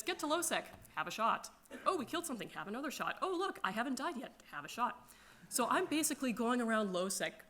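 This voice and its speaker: Woman telling lively gaming stories. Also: medium pitch, slight background noise. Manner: animated, laughs often, acts out friends' lines. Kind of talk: casual storytelling to a crowd.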